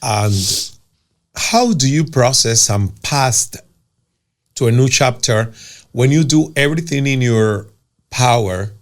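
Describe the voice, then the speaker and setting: A man's voice: medium pitch, lively intonation, slow, long pauses. A man hosting an interview, asking probing questions and affirming the guest enthusiastically. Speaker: host. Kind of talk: interview conversation.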